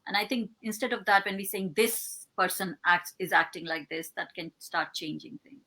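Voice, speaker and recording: A woman guest in an interview, a behavioural scientist explaining ideas in measured, step-by-step answers. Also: medium pitch, pushed and bright.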